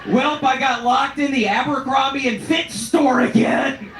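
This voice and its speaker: A man riffing crudely and deadpan as a regular on a live comedy show. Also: very high-pitched, unhurried. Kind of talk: comedic banter on a live podcast stage. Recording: echoey room with faint background noise.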